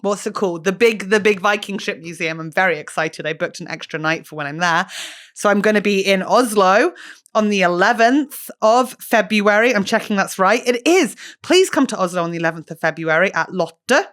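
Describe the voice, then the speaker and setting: A young woman hosting a comedy podcast, chatting in an animated, self-mocking way and swearing freely. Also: medium pitch, brisk. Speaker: podcast host. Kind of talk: casual comedic chat.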